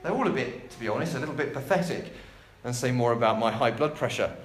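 Preacher, man, jokey storyteller, lively high voice, roomy church sound. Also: fast talker. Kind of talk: sermon.

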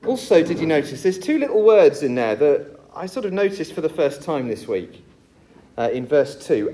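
Guy preaching a sermon, fairly high voice, lots of swing in his pitch, tells jokes. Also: normal speed, a little hiss or hum. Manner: lively, jokey storytelling delivery.

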